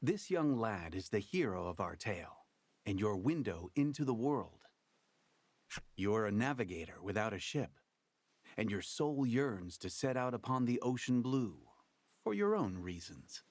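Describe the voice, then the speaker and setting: A lively storybook game narrator. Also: male voice, on the low side, measured pace. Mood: storytelling. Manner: theatrical, storytelling game-master delivery. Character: wry male game master narrating a card tale. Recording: game audio with faint music underneath.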